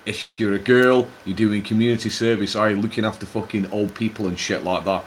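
A man's voice: on the low side, fairly even intonation, brisk, a little hiss or hum. A man in a casual chat, ranting and swearing freely.

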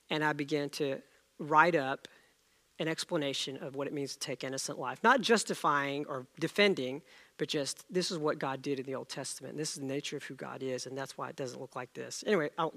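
A middle-aged man preaching a sermon, telling a story and acting out the dialogue with lively energy. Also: fairly high pitch, creaky. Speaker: pastor.

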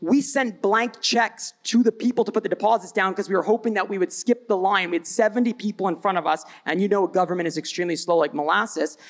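Male panelist, high and gravelly, energetic blunt storytelling at a live event. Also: fast, hardly any pauses. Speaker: brand founder, panelist. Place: event stage before live audience.

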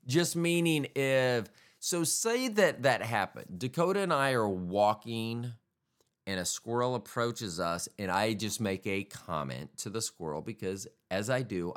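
Alone at the mic, this male podcast host delivers a loose, jokey monologue full of profanity. His voice is lowish with a touch of brightness.

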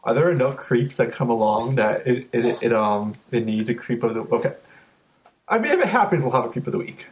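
A man's voice: mid-range voice, lively intonation, a little fast. A man co-hosting a podcast, chatting casually and teasing with dry remarks. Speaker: podcast co-host. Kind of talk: casual chat.

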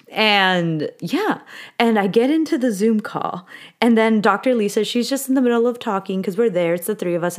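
A woman in her late twenties hosting a podcast, telling a personal story in a candid, emotional way and dropping in Spanish words. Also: medium pitch. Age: late 20s. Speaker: podcast host.

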